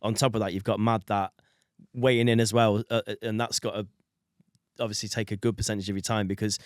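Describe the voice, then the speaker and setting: A man's voice: lowish voice, little pitch movement, fast talker, no room sound, studio quality. A man, hosting a casual podcast interview in a chummy, eager way. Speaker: podcast host.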